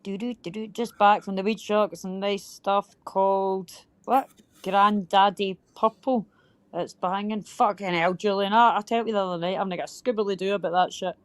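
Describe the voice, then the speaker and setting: A woman's voice: mid-range voice, fairly even intonation, moderate pace, clean tone, dry recording. A woman hosting a livestream in casual chat, teasing people with lots of swearing and laughter. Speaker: livestream host.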